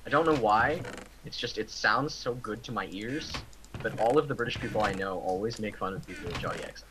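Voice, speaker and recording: A man's voice: on the low side, brisk, noisy background. A man from Ohio chatting casually on a group voice call, rambling with repeated words. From Ohio, USA. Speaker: podcast participant.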